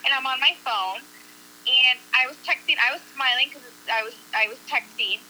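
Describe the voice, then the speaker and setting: A woman's voice: sits high, moderate pace, a little hiss or hum, poor audio. A woman telling a story to a group of friends in a casual way, acting out what people said and swearing casually. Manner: animated, acts out quotes, swears casually.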